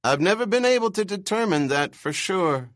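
A man reading aloud and voicing an irritable older male repair-shop boss with a shrill, screechy voice. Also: animated, moderate pace, a bit bright, dry recording, studio quality. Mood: curt. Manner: curt, demanding.

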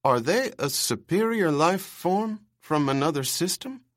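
A man's voice: a little high, animated, measured pace, dry recording, studio quality, pitched above the performer's own voice. A man reading aloud and voicing a timid, earnest young man who stammers.

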